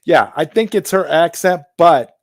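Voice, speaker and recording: A man hosting a live stream greets people in chat, rambling loosely, doubling back, and restarting sentences. His animated voice sits a little high for a man at a measured pace. The sound is dry and close-miked with no room sound.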